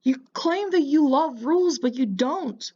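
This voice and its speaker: A woman's voice: sits high, expressive, a little slow, mellow, lo-fi sound. A woman giving casual reaction commentary, mocking and lecturing the person in a clip.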